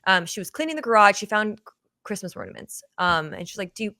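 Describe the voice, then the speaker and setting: A woman's voice: mid-range voice, sing-song, fast, gravelly, bright, forceful tone, no room sound, clean studio sound. A woman hosting a podcast, telling stories in an earnest, casual way with many fillers like "you know". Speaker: podcast host.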